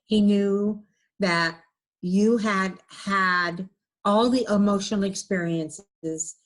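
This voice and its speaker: A woman speaking earnestly and gently, relaying messages in a casual conversation. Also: mid-range voice, takes it slowly. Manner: earnest, gentle, relays words with many "he says". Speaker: medium.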